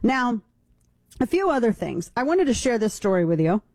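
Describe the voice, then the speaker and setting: A woman's voice: a little high, sing-song, moderate pace, a little mellow, no room sound. A woman hosting a talk radio show, giving a blunt, sarcastic and indignant opinion monologue into a studio microphone.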